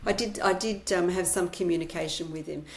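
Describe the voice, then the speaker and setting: Middle-aged woman journalist guest, lowish voice, candid and forthright. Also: a little fast, slight background noise. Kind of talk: podcast interview.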